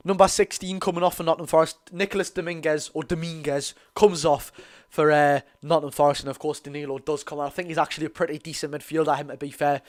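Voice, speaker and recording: A teenage man with a Geordie accent giving a live fan commentary on a football match, talking to his chat, his voice going hoarse. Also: fairly high pitch, fast. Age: teens. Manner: excitable, chatty, calls the play and talks to chat. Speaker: fan watch-along host.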